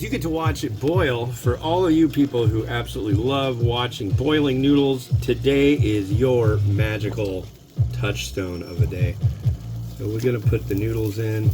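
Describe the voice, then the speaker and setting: A man hosting a home cooking vlog about instant noodles, talking in a rambling, easygoing way with chatty asides. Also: medium pitch. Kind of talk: casual cooking vlog chat.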